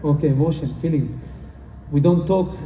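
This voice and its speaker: The man giving this motivational conference talk has a fairly high voice and a moderate pace. He is earnest and repetitive, with non-native phrasing, and the distant, echoey hall recording is lo-fi over a noisy background.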